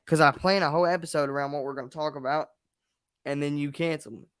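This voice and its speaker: A man's voice: on the high side, fairly even intonation, fast talker, a bit bright, smooth, dry recording, studio quality. A man hosting his own show at home, ranting bluntly and repeating himself, with frequent swearing. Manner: frustrated, blunt, repetitive, swearing. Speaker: podcast host. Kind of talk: angry solo rant on a live stream. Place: home at night, a partner asleep nearby.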